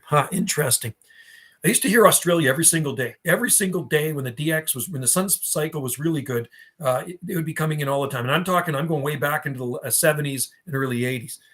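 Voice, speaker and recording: A man's voice: fairly high pitch, fast talker, a bit bright, breathy edge. A man, hosting a casual livestream and reminiscing as he answers chat. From Canada. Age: 50s. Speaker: livestream host and radio hobbyist.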